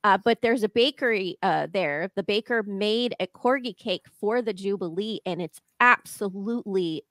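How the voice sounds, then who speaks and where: A woman's voice: medium pitch, normal speed, fairly bright tone, no echo, studio quality. Bubbly American woman hosting a podcast. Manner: bubbly, gushing, laughs often. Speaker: podcast host. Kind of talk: casual interview chat.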